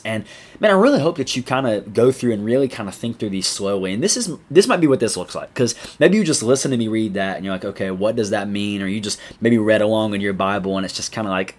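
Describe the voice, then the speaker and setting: A young man, a high school youth pastor giving a casual, chatty podcast devotional, saying "man" often. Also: expressive, a little fast. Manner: laid-back, chatty, says "man" a lot.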